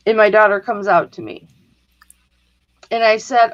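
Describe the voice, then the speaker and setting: A middle-aged woman chatting casually on a livestream, telling stories in an animated way and acting out the people in them. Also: medium pitch, unhurried, long pauses. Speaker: guest on a livestream. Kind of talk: casual chat, storytelling. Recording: dull lo-fi stream audio.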